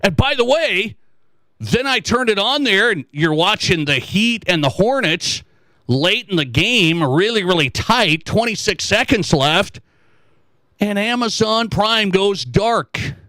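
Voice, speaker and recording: A middle-aged man hosting a sports talk show, telling stories in a rambling, animated way with repeated phrases. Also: high-pitched, slow, no room sound. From South Dakota. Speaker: sports talk radio host. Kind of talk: casual sports talk monologue.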